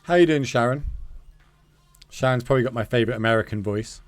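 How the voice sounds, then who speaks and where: A man's voice: medium pitch, fast talker, pauses often, no echo, soft background music. A man streaming a card game, chatting casually with his viewers, joking and swearing.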